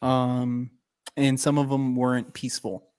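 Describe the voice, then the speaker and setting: Animated, laughing podcast storyteller. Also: male voice, medium pitch, unhurried, clean tone. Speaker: podcast co-host. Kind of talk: casual livestreamed podcast chat.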